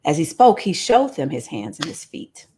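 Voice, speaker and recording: A woman's voice: low voice, big pitch swings, normal speed, mellow, a little hiss or hum. A woman retelling a Bible story comically, with playful slangy asides and frequent laughs.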